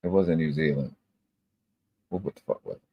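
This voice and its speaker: A man's voice: a bass voice, normal speed, vocal fry, breathy edge, dull audio. A man hosting a live stream, holding forth in an emphatic, lecturing way with plenty of swearing. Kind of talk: casual profane monologue.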